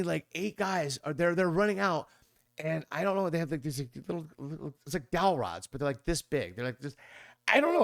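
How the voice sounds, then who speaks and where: A man in his fifties, a podcast guest, telling a long story in a rambling way and mimicking other people's voices with sudden high squeaks. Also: fairly bright tone, no room sound, studio quality. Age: 50s. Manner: rambling with many restarts and fillers. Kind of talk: conversational storytelling.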